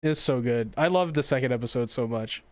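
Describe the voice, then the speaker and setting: Smooth, lively man on a dry mic. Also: mid-range voice, fairly quick, no echo. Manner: enthusiastic, gushing, moves the show along. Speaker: podcast co-host. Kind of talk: casual chat.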